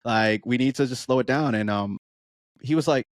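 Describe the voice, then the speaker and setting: A man's voice: mid-range voice, moderate pace, dry recording, studio quality. A man in his thirties, a running coach, chatting casually and acting out what his runners say. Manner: animated storytelling, acts out quoted voices. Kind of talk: casual podcast chat.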